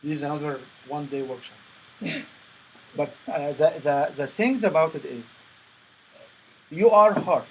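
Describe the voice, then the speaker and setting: Guy running a sales workshop, kinda high voice, firm and lecturing, faint noise behind. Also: unhurried, pauses often, fairly bright tone, rough recording. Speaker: sales presentation coach. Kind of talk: workshop coaching.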